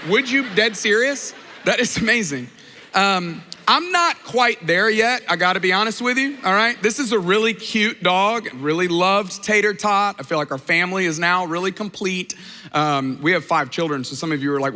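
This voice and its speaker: Bright-voiced pastor in a reverberant church. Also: male voice, sits high, lively intonation, moderate pace, a little hiss or hum. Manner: conversational storytelling, asks the crowd questions. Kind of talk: sermon. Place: large church auditorium.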